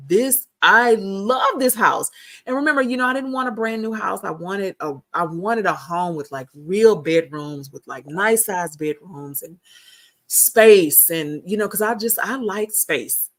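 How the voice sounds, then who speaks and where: A woman host telling a personal story in a casual, animated chat, repeating herself for emphasis. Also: fairly low pitch.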